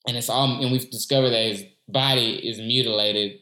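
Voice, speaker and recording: A man's voice: medium pitch, fairly even intonation, brisk, sharp tone, roomy sound. A man in casual chat, animatedly retelling a movie and acting out the characters' lines.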